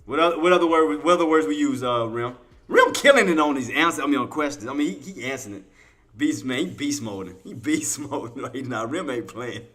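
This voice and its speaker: Brisk and expressive, a trading livestream host speaks in a mid-range, fairly bright voice. He runs intraday commentary in casual, colloquial language, calling his chat "y'all," restating things and putting questions to viewers.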